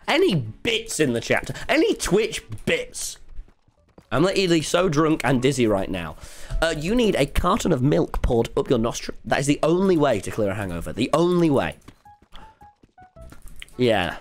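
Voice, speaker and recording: A man with an English accent games on a livestream, chatting casually, rambling, swearing and quickly launching into rants. His voice is a little high and very animated, with faint music in the background.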